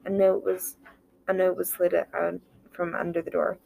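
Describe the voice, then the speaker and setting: A woman reading an original short story aloud, voicing the dialogue herself and dropping to a near-whisper in quiet moments. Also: on the low side, flat delivery, moderate pace, gravelly, noisy background. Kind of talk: amateur story narration with dialogue.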